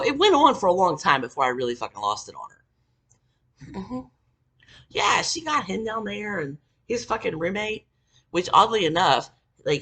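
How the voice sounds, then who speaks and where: A woman's voice: fairly low pitch, a bit bright, slightly rough. A woman telling an angry storytime rant about an old job, swearing heavily and venting. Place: Tennessee.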